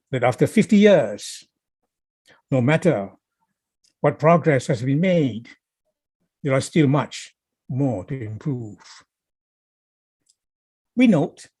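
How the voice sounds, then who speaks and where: A man, a professor reading a prepared lecture slowly and deliberately, like a newscaster. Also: mid-range voice, lively intonation, a little mellow, husky, no echo. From Malaysia. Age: 70s.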